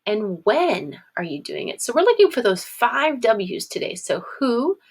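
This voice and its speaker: A woman teacher giving a recorded video lesson for young children, casual and encouraging, sounding out words slowly with ums. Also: fairly high pitch, very animated, slightly rough.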